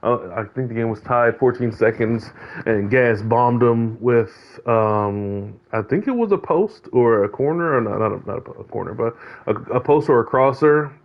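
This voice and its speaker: A man's voice: mid-range voice, normal speed. A man talking casually about a football video game, rambling with many fillers and restarts. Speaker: host of a video game league check-in. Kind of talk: casual commentary monologue. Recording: dull lo-fi sound.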